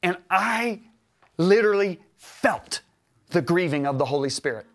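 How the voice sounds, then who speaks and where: A man's voice: sits high, animated, a little slow. Emphatic middle-aged male preacher. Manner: swings from loud emphatic preaching to soft quiet confession; acts out his own quoted words. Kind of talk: sermon-style teaching.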